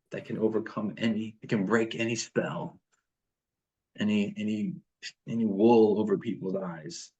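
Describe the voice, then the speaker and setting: A man's voice: lowish voice, a little mellow. A man leading a morning devotion over a video call, reading passages aloud and then talking them through with fillers and restarts.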